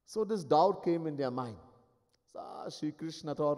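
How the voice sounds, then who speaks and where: Swami storyteller, man, somewhat high voice, acts out figures, live hall reverb. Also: a little slow. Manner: animated, acts out each figure, chuckles often. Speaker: swami giving a discourse. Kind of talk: devotional storytelling sermon.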